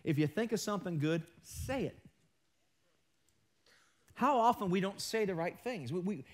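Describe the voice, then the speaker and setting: High-voiced joking male pastor. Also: sing-song, moderate pace, pauses often. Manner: joking, self-mocking asides; talks with his hands. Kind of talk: live sermon. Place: church sanctuary.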